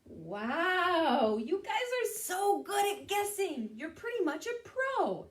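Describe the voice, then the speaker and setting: A woman, a children's librarian, leading an animated storytime guessing game for kids. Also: very high voice, slow.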